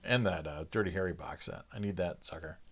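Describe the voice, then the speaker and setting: A man's voice: low-pitched, brisk, vocal fry. A man hosting a livestream, chatting casually with viewers and chuckling between loose, filler-heavy sentences. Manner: relaxed, chuckling, lots of "uh" fillers. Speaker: livestream host. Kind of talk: casual chat with live chat viewers.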